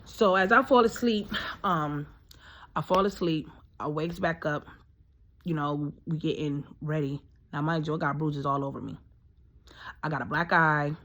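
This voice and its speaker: A woman's voice: low voice, measured pace, pauses often, a bit bright. A woman in her thirties telling a personal story in a casual, rambling way, full of fillers and emphatic asides. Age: 30s.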